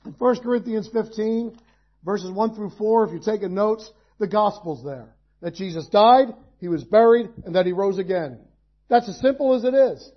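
A man's voice: high voice, moderate pace, lo-fi sound. A male pastor preaching a sermon, in a conversational style with folksy asides and rhetorical questions.

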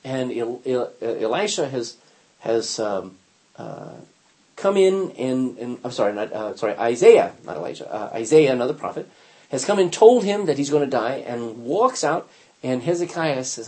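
A man's voice: mid-range voice, lively intonation, moderate pace, darkish tone. An older man teaching an informal Bible lesson, telling stories animatedly with frequent restarts and acted-out quotes.

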